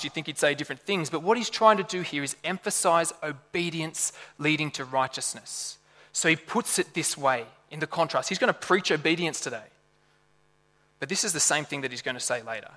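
A man preaching a sermon with a high, bright voice. He talks in a lively, conversational way and keeps asking the congregation rhetorical questions. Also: in a large hall.

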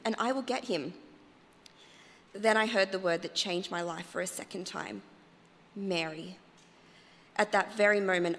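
A woman's voice: medium pitch, lightly acted. A woman voicing an earnest, emotional woman disciple in a first-person monologue, recorded in a church. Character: grieving then joyful woman disciple, earnest. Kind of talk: dramatic monologue reading in church. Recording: church hall reverb.

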